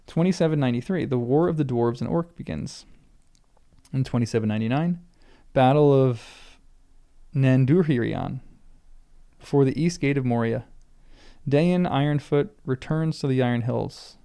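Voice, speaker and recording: A man's voice: mid-range voice, moderate pace, gravelly, mellow. A man reading a book aloud for the first time, stumbling over names and stopping to muse about pronunciation.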